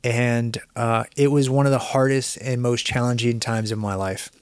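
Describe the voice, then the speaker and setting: Brief: middle-aged male guest, animated storyteller, curses freely, dry close studio sound. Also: medium pitch, moderate pace, clean tone, no room sound. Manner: animated, swears freely, acts out quoted voices. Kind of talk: candid conversational storytelling.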